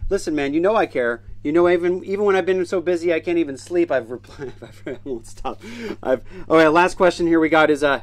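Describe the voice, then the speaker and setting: A man in his thirties hosting his own livestream show, talking in a blunt, profane, motivational way to viewers. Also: a little high. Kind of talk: casual livestream monologue.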